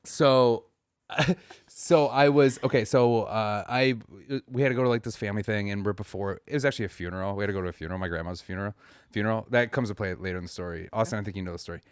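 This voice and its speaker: A man's voice: lowish voice, quick pace, clean tone, no room sound, studio quality. A man co-hosting a comedy podcast, telling a story in a rambling way with many restarts. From family from New Mexico. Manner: rambling with restarts, acts out voices in stories. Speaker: podcast co-host.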